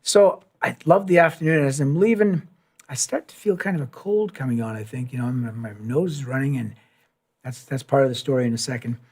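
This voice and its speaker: A musician at a live session spins a long anecdote, animatedly acting out quoted lines and sound effects along the way. His mid-range voice is husky and a little fast.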